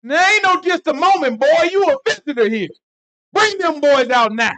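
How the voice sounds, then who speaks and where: A rough crowd of country men yells in a thick drawl, pushy and loud, as a man puts them on. The voice jumps well above his own and drags the words out slowly. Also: very high-pitched, animated, pitched above the performer's own voice, full character voice, poor audio. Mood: rowdy demanding. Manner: shouting, slow and demanding.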